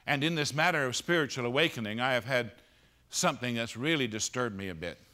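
Impassioned male preacher with lively swings. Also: fast. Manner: impassioned, swinging from loud emphatic peaks to hushed low lines. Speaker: pastor preaching at a conference. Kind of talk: sermon. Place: conference auditorium.

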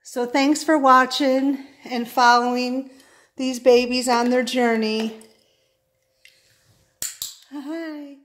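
A woman with a notably high voice speaks at an unhurried, gentle pace in a casual vlog. She moves between high sing-song calls and soft, murmured praise. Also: flat delivery, slight background noise. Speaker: dog breeder. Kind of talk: casual vlog talk to camera.

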